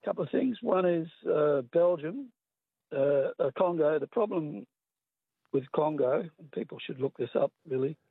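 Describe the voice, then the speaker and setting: A man's voice: a little high, animated, normal speed, vocal fry, husky, dry recording. A man with an Australian accent calling in to a radio quiz, chatty and hesitant with many fillers. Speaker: caller. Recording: tinny phone line.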